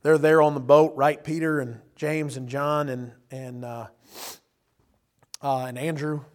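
A man's voice: fairly high pitch, fairly even intonation, measured pace. A man preaching a sermon in a casual, conversational way, often chuckling and acting out the people he quotes. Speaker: pastor.

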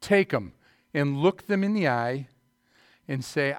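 Middle-aged male pastor, sermon delivery, a touch high-pitched, emphatic with quiet asides, dry recording. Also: lively intonation, slow pace, no echo. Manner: emphatic preaching with rising bursts and asides.

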